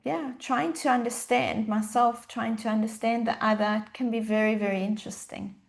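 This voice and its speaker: A woman coach speaking as a podcast guest, thoughtful and unhurried, repeating words as she finds her thoughts. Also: fairly high pitch, steady tone, creaky. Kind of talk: casual interview chat.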